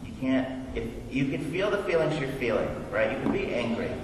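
A man's voice: mid-range voice, big pitch swings, brisk. A man, a pastor, telling a personal story in a conversational way to open his sermon. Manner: conversational, storytelling, quotes dialogue. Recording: echoey hall, distant mic, background noise.

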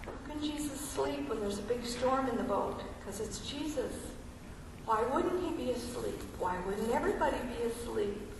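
A woman's voice: on the high side, lively intonation, moderate pace, creaky, a little hiss or hum. A woman preaching a sermon in a conversational, questioning way, reading scripture aloud and asking the listeners questions. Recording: echoey hall, mic far off.

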